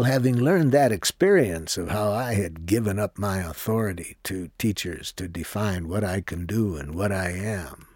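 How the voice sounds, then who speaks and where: A man who leads workshops, telling a personal story in a slow, reflective way and acting out the dialogue. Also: low voice, breathy edge, no echo, clean studio sound. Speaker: workshop leader. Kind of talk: personal storytelling between songs.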